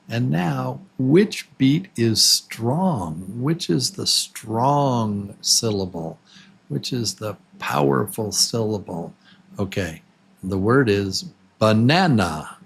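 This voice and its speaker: A man teaching English to absolute beginners, patiently repeating words slowly and counting syllables with the listener. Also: medium pitch, lively intonation, gravelly, husky. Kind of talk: slow, clearly spoken beginner English lesson.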